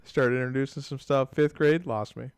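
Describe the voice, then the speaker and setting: Male co-host, dry teasing sidekick, mid-pitch, no room sound on a close mic. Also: moderate pace, clear, resonant tone, no echo. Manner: teasing, deadpan ribbing. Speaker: podcast co-host. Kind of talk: casual chat.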